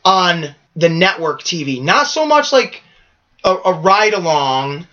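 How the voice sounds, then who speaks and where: A man co-hosting a podcast in casual wrestling chat, rambling and animated, swearing freely. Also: high-pitched, slow, dull audio. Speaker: podcast co-host.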